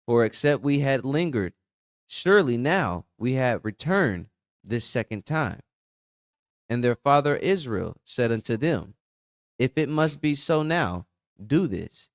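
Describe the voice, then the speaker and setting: A man reading archaic scripture aloud in a steady, plain way during a Bible study. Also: mid-range voice, unhurried, no room sound, studio quality.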